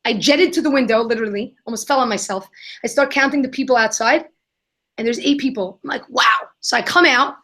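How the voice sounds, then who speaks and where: A young adult woman answering questions in a live Q&A, telling an animated story and acting out the voices of the people in it. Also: on the high side, fast talker. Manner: animated, acts out quoted voices. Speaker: guest, kindness nonprofit founder.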